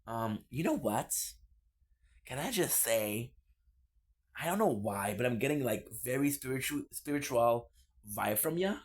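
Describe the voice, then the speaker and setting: A man's voice: mid-range voice, expressive, a little slow. A man streaming live, chatting casually with viewers in a playful, teasing way, often repeating himself. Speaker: live streamer reading chat.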